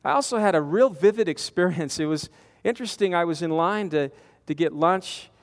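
A man preaching a storytelling sermon, animated, with stammering restarts, swinging from loud to hushed. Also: fairly high pitch, brisk. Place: large conference hall. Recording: long reverb of a conference hall.

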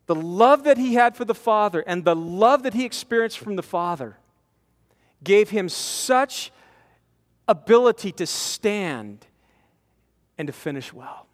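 Guy in his 40s preaching to a men's conference, pretty high voice, big hall echo, animated, acts out the quotes. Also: moderate pace. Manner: animated, acts out quotes, repeats words when pressing a point. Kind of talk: conversational sermon. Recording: long hall reverb from a conference.

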